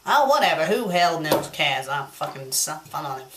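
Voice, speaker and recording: A woman's voice: low-pitched, big pitch swings, moderate pace, a crowd in the background. A woman hosting a review show, reading a story aloud in a put-on Southern US drawl and breaking off for mocking, exasperated asides. She sounds a little tipsy. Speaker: fanfiction critic host.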